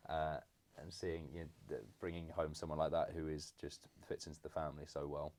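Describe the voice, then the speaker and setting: Young man, extremely deep voice, halting casual talk, many fillers. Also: level tone. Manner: hesitant, many fillers and restarts, warm teasing. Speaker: podcast co-host, son. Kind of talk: casual conversation.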